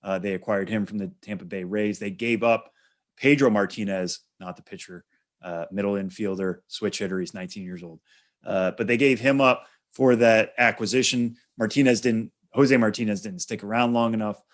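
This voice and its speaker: A man co-hosting a podcast, explaining in a measured way with lots of fillers, on a studio microphone. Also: on the low side, steady tone. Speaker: podcast co-host. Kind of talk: casual podcast chat.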